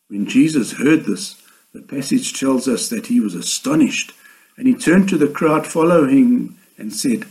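A man delivering a sermon in a measured, earnest way, with slow emphatic pauses. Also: mid-range voice, darkish tone, rough recording. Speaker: preacher.

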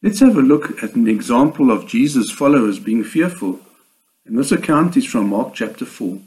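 A man delivering a sermon in a measured, earnest way, with slow emphatic pauses. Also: medium pitch, big pitch swings, a little mellow, low-quality recording. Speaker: preacher.

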